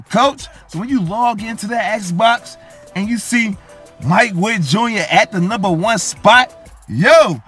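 Calling his own football video game match live, a young gaming YouTuber speaks in a high, bright voice with a breathy edge. He's hyped and boastful, repeatedly looping back to catchphrases that finish with "coach" and "yo," as soft music plays faintly underneath.

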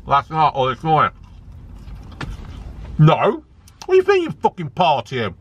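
A man's voice: fairly high pitch, huge pitch swings, unhurried, breathy edge. A man ranting angrily as a football fan vlogger, swearing a lot and repeating himself for emphasis. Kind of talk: angry ranting vlog.

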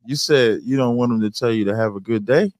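A man's voice: mid-range voice, a little fast, a little mellow, no echo, clean studio sound. A man hosting a podcast who cuts in with short questions. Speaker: podcast host. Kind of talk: casual podcast chat.

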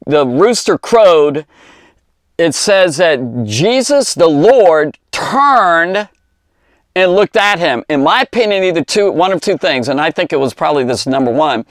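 A man gives an informal Bible lesson for children, talking in a loose, rambling way and stretching out the words he wants to stress. His voice sits a little high, and the recording is dry with almost no room sound. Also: no echo. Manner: rambling, conversational, with many fillers and asides. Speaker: Bible teacher for kids.

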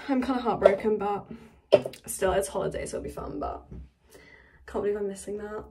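A woman's voice: mid-range voice, huge pitch swings, fast, warm tone, a little hiss or hum, rough recording. A teenage girl vlogging at home in casual chat, gushing and dramatic, swearing freely.

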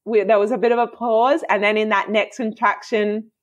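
A woman in her thirties, chatting casually as a podcast guest and telling a story in a lively, giggly way with many fillers. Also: mid-range voice, normal speed. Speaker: guest, osteopath and movement coach.

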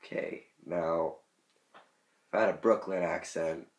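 A man's voice: sits low, measured pace. A man hosting a casual chat about silly choices, joking and rambling, often trailing off into mumbles. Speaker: gaming channel host. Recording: echoey room.

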